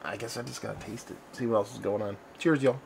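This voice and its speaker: A man's voice: lowish voice, steady tone, quick pace, creaky, slight background noise. A man hosting a casual beer review video, talking in a loose, rambling way and often correcting himself mid-sentence. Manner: rambling, conversational, self-correcting.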